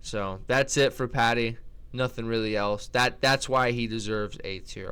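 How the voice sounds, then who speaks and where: A man's voice: medium pitch, measured pace, fairly bright tone, smooth. A man giving blunt, slangy, opinionated commentary in a casual chat, often restarting his sentences. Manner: blunt, slangy, trash-talking, with lots of restarts. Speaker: MMA commentator ranking fighters.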